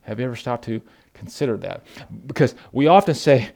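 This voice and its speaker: A man preaching a sermon, telling Bible stories in an animated way and addressing listeners as folks. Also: mid-range voice, fairly quick, creaky.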